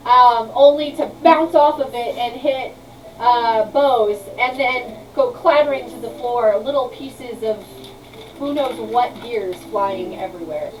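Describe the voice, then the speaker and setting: A woman running a tabletop game as game master, narrating in a halting, rambling way with many restarts. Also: a little high, distant mic, slight background noise, poor audio.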